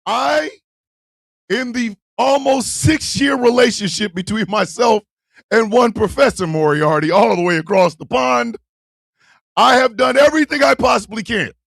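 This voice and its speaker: A man hosting a live stream, talking loud and profane and laughing often. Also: high voice, expressive, unhurried, creaky, dry recording, clean studio sound.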